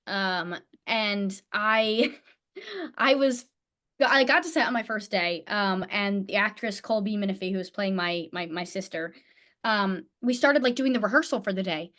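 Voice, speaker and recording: Young woman from new jersey, bubbly, laughs a lot, higher voice, casual interview. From New Jersey, USA. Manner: bubbly, laughs often, lively quoted asides. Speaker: actor guest.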